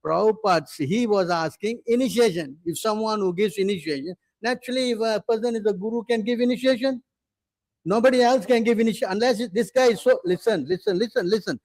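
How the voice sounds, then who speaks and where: Insistent high-voiced male preacher. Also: fairly quick, no echo. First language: English. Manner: insistent, repeatedly demanding attention; rhetorical questions to listeners. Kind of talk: scripture class lecture.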